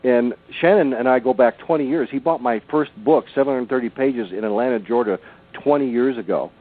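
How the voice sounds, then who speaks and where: A man's voice: mid-range voice, fairly quick. Older male radio guest, earnest storyteller, heard down a tinny phone line. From Southern California. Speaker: author and researcher guest.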